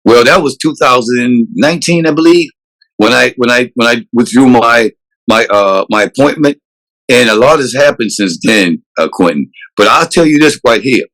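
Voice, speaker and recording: Earnest police chief. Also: male voice, mid-range voice, animated, moderate pace, fairly bright tone, low-quality recording. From South Carolina, USA. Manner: earnest and emphatic, with frequent restarts. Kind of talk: interview answers.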